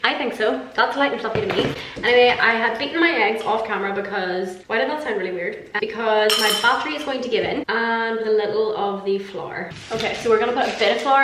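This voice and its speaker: Chatty Irish woman in an echoey kitchen. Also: a little high. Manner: chatty, self-mocking, swears casually. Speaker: vlogger. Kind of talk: casual cooking vlog chat. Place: home kitchen. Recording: echoey kitchen with background noise.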